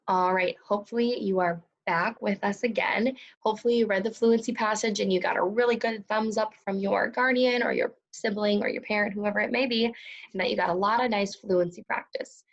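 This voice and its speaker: A woman's voice: medium pitch, fairly even intonation. Woman teaching a second-grade class. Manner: slow, crisp and clear, encouraging teacher voice. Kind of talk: recorded remote lesson for young children. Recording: slightly dull lo-fi recording.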